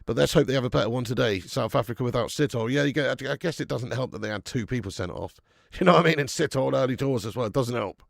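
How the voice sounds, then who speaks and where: Gravelly chatty man. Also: mid-range voice, fast talker, no room sound, studio quality. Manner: chatty, swears, laughs, greets chat viewers. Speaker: watch-along host. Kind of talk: live football watch-along commentary.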